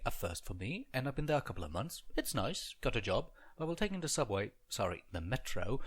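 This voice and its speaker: A young man delivering a scripted stand-up monologue, quick and wry. His voice is bright and lively, swooping through his jokes. It is recorded up close on a headset mic. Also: on the low side. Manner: wry, animated, joking. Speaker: comedian.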